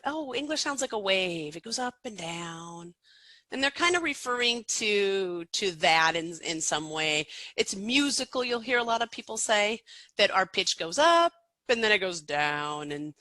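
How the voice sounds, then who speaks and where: A middle-aged American accent coach talking through her ideas in a loose, chatty podcast answer, circling back with fillers and restarts. Her voice is bright and forward, and the recording sounds dry and close. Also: medium pitch, no room sound, low-quality recording.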